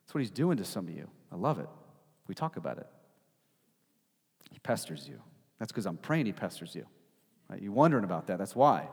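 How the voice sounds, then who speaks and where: A man's voice: low voice, sing-song, brisk, creaky, pauses often, darkish tone, husky. A man preaching a sermon as pastor, emphatic and rhetorical, often tagging his points with "right?". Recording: long hall reverb.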